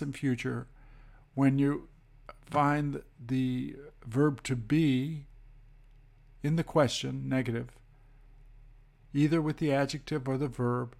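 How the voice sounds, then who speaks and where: A man teaching English grammar, explaining slowly and methodically and reading example sentences aloud. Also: medium pitch, gravelly, darkish tone.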